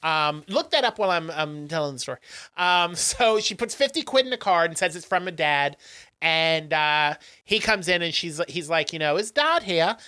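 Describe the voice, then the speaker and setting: Man, podcast co-host, casual movie recap, bright tone, dry sound. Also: fairly high pitch, normal speed, clean tone, dry recording. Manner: chatty storyteller, acts out quotes in funny voices. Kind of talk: casual chat recapping a film.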